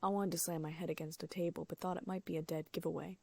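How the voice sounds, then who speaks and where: A woman reading a first-person fan fiction audiobook, giving the characters' lines small lifts in pitch and loudness. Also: flat delivery, fast talker, vocal fry, slightly rough, no room sound. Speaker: audiobook narrator.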